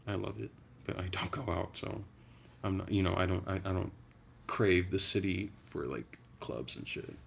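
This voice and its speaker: Deep gravelly man chatting casually. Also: normal speed, a bit bright, slight background noise. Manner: rambling, profane, frequent restarts. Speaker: livestreamer chatting with viewers. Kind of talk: casual livestream chat.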